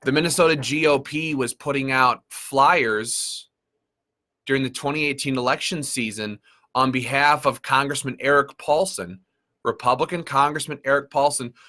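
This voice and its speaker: A man's voice: mid-range voice, pushed and bright. A man leading an advocacy group, giving impassioned commentary in an emphatic, sarcastic way. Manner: emphatic and sarcastic, with repeated phrases. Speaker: gun rights group leader.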